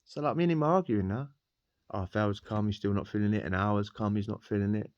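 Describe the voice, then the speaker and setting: A man's voice: lowish voice, brisk, no room sound, highs cut off. A man telling a rambling personal story in casual slang, laughing often. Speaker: podcast guest telling a prison story.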